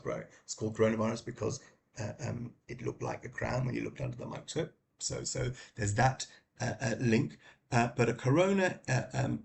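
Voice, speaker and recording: A man's voice: medium pitch, gravelly, a little mellow, slight background noise. A middle-aged man giving a casual spoken book review, hesitant and full of fillers and restarts.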